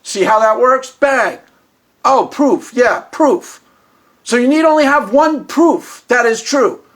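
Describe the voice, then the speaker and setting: A man's voice: extremely high pitch, takes it slowly, fairly bright tone. A man hosting his own channel, giving blunt, mocking, emphatic solo commentary and repeating phrases for effect. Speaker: channel host.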